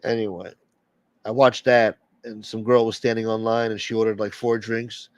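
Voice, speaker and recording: A man's voice: fairly low pitch, little pitch movement, normal speed, dry recording. A man hosting a late-night livestream and rambling bluntly through strong opinions in casual chat. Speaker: livestream host.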